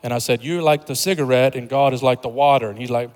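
A man's voice: medium pitch, steady tone, fast talker, hardly any pauses. A man preaching a sermon in a conversational, humorous way, building to emphatic points. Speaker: pastor. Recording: long hall reverb.

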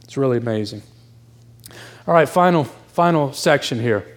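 A middle-aged man with a mid-range, animated voice preaches an expository sermon at normal speed. He sounds out of breath, speaking conversationally and emphatically while acting out the people in his story.

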